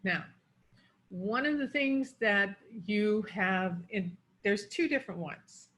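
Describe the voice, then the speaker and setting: A woman's voice: medium pitch, animated, slow, a bit bright. A woman coaching pronunciation, explaining word stress and demonstrating it on example words.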